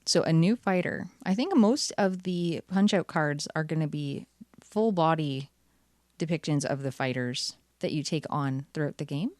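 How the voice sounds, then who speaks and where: A woman's voice: low voice, moderate pace, darkish tone, no echo, studio quality. Chatty woman opening card packs. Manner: chatty, cheerful, wry asides. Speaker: channel host. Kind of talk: casual card-opening commentary.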